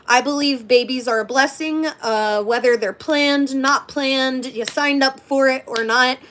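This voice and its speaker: A woman's voice: on the high side, a bit bright. A woman chatting candidly on a livestream, blunt and profane as she talks to her viewers. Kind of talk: casual livestream chat.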